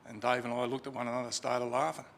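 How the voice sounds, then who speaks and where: A man's voice: mid-range voice, little pitch movement, fast talker, gravelly, fairly bright tone, slight background noise. A man telling a chatty, informal story about a friend at a funeral in a crematorium chapel, with fillers and restarts. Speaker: funeral eulogy speaker. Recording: reverberant chapel, faint ambience.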